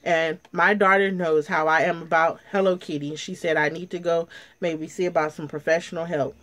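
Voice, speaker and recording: A woman's voice: on the low side, steady tone, normal speed, fairly bright tone. A middle-aged woman, telling a personal story to her viewers in a casual, emotional way, near tears. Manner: emotional, chatty, addresses viewers as ladies. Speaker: vlogger. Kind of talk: casual story time chat to camera.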